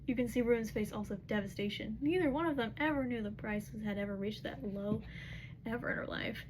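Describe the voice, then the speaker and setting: A young woman hosting a casual book recap, chatty and full of filler words. Her voice sits a little high, with a faint hum of noise behind it. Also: brisk, darkish tone, poor audio.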